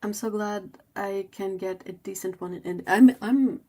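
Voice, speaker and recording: A woman's voice: medium pitch, unhurried, dark tone. A woman from French Canada, hosting a livestream and chatting casually while she paints. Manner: chatty and rambling, many fillers. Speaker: livestream host.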